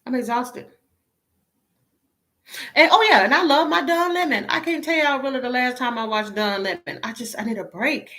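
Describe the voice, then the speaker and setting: A woman's voice: sits high, normal speed, pushed and bright. A woman talking casually to her viewers as a tarot reader, sounding weary, exasperated and emotionally drained, blunt and swearing now and then.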